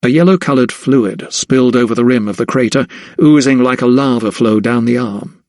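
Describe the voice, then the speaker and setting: A man narrating an audiobook in a measured storytelling manner. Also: medium pitch, a little mellow, no echo, studio quality. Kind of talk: scripted narration.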